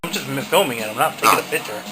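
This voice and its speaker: A man's voice: medium pitch, lively intonation, very fast, over music, rough recording. A young man ranting to his camera outdoors, profane and agitated, filmed on a handheld phone. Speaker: vlogger. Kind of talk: casual rant to camera.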